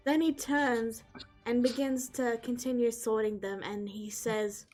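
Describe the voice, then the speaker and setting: A woman runs a tabletop game as game master. Her voice sits a little high and she narrates with lively expression, with soft music underneath. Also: slow, poor audio.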